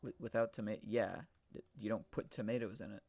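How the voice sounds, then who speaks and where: A man's voice: on the low side, fairly even intonation, fairly quick, creaky, a little mellow, slightly rough. A man chatting casually to his viewers during a game stream, joking and swearing as he rambles. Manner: joking, profane, rambling, laughs often; talks to chat. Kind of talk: casual live-stream chat while gaming.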